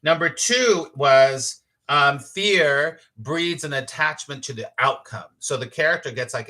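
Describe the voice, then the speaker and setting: A man hosting a casual spiritual talk, reading comments from his audience, emphatic and quick to laugh, sometimes swearing. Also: medium pitch. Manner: animated and emphatic, laughs easily, acts out inner voices. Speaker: spiritual teacher hosting a live morning show.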